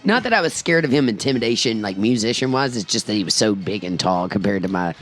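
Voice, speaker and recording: A man's voice: fairly low pitch, lively intonation, fast, fairly bright tone, slight background noise. A man hosting a radio show, chatting casually and telling stories with easy laughs. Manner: chatty, storytelling, laughs easily. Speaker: radio host. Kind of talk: casual radio interview chat. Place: radio studio.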